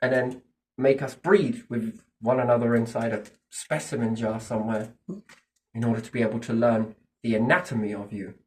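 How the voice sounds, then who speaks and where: Recorded far from the mic, a medium-pitched man at a moderate pace rambles casually and animatedly. He swears freely, speculates, and poses questions to himself before answering them.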